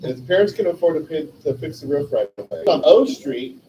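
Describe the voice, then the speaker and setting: A man shares memories in an animated, heartfelt and rambling way, his voice mellow and swinging widely in pitch. He sits some way back from the mic, with faint room ambience behind him. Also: brisk, far from the mic, dull audio, slight background noise. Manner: animated, rambling, heartfelt, acts out past dialogue. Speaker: memorial stream host. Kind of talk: personal storytelling, eulogy.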